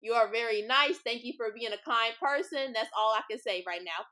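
Her pitch is fairly high and her pace fairly quick, with a bright, forceful tone. The young Los Angeles podcaster keeps telling blunt, sweary stories full of "like" and "y'all," with traffic passing her street-side location.

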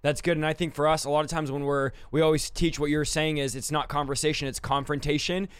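A male host and deliverance minister teaching in quick, energetic conversation. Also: fairly high pitch, smooth, no room sound.

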